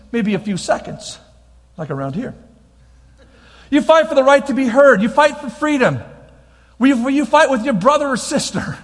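A middle-aged man preaching a sermon, emphatic and repeating his key lines, with frequent restarts as he tells a personal story. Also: very high-pitched. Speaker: pastor. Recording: long reverb of a large hall.

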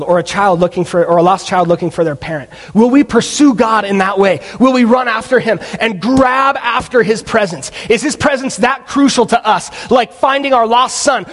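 A man preaching a sermon as pastor, impassioned and building toward near shouts. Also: sits high. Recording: loud guitar music behind voice. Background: guitar music.

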